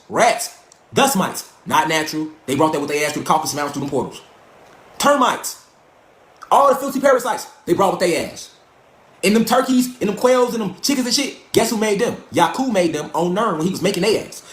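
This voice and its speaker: A man's voice: fairly high pitch, a bit bright. A middle-aged man delivering a profane, emphatic conspiracy lecture, preaching directly to his listeners. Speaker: online lecturer. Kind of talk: fringe conspiracy monologue. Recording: echoey room.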